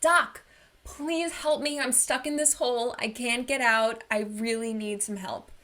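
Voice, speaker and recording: A woman voicing a desperate man stuck in a hole, pleading loudly for help in a told story. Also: on the high side, steady tone, a little slow, pitched above the performer's own voice.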